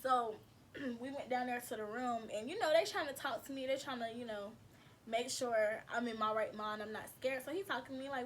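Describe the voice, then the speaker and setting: A woman's voice: on the high side, a little fast, slight background noise. A woman vlogger casually telling her viewers a personal story, chatty and slangy, calling them y'all.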